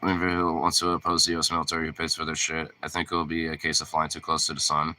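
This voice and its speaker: A man with a low voice and a very bright, cutting edge to it. He chats casually as a streamer, wandering from thought to thought, stuffing his sentences with filler words and tossing in swear words freely. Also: monotone, fast. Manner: rambling and profane, full of "like" fillers. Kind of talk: casual chat.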